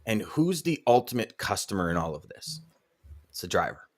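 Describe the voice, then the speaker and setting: A man's voice: fairly low pitch, normal speed. A man co-hosting a live sales chat show, telling stories emphatically and repeating words for stress. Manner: animated storyteller, emphatic repetitions. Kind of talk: casual live-stream chat.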